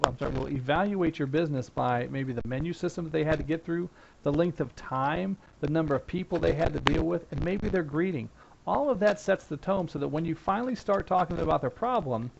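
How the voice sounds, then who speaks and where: An instructor with a slightly high, gravelly voice teaches a help desk class in a casual, conversational lecture, acting out sample phone lines. The recording is dull and lo-fi, with a bit of hiss or hum.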